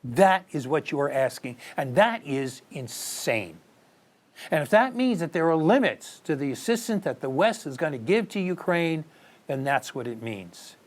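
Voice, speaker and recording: A man's voice: on the high side, expressive, moderate pace. Earnest male political commentator. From United States. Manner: earnest, rhetorical questions, emphatic rises. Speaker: news commentary host.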